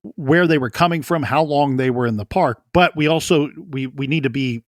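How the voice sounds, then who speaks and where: In a dry, clean studio recording, a fairly high-pitched man speaks at a normal pace. He's co-hosting a true crime podcast, earnestly discussing a case and frequently repeating words as he thinks through it.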